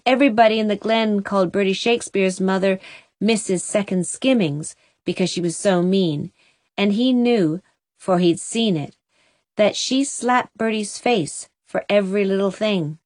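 A woman narrates an audiobook in a gentle, measured way. Her voice sits in the middle range, and the recording is dry with no room sound. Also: medium pitch, no room sound.

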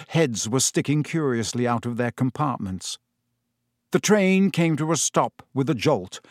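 A man narrating a storybook in a steady, measured storytelling manner. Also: medium pitch, dry recording, studio quality. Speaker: audiobook narrator.

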